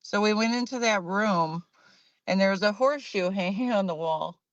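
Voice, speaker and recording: A woman's voice: medium pitch, moderate pace, no echo. Woman telling her own stories, chatty, little laughs, dry muffled sound. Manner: chatty, laughs between sentences. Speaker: medium and paranormal investigator guest. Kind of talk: casual storytelling. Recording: dull lo-fi sound.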